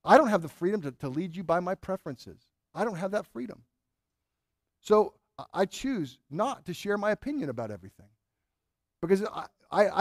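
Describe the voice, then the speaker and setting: A man with a fairly high voice preaches a sermon as pastor, earnest and emphatic. He leans on key words and keeps asking his congregation rhetorical questions. The sound is dry and close, with almost no room around it. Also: darkish tone, no room sound.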